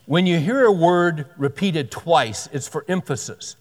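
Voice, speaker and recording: A man's voice: on the high side, expressive, a little slow, few pauses, darkish tone. Earnest preaching man in a reverberant hall. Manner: earnest, conversational preaching with repetitions and restarts. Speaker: pastor. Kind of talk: sermon.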